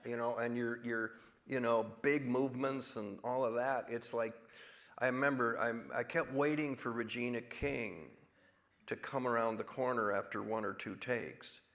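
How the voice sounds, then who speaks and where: A man's voice: medium pitch, fairly even intonation, moderate pace, a bit bright. A man in his sixties, an actor guest in a live stage conversation, talking in a rambling way with many restarts. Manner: rambling with restarts, drops into big put-on voices when quoting.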